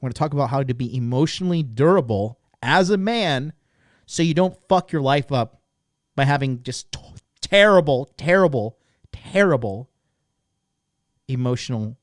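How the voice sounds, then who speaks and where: Here a podcast host in his thirties, medium-pitched and captured in echo-free studio quality, rambles through a course promotion. Expect bluntness, plenty of profanity and filler words, and an emphatic, lively delivery.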